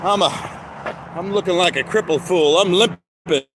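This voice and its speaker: A man with a high voice hosts a rambling livestream by a road, talking at a moderate pace. He's chatty and jokey, greets viewers by name and breaks into snatches of song. It's an outdoor phone recording with clear street and passing car noise behind him.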